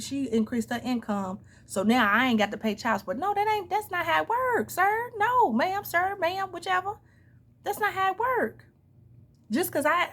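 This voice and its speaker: A woman giving a casual tarot reading, talking back emphatically at an imagined person with sudden high-pitched outbursts. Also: slight background noise. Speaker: tarot reader.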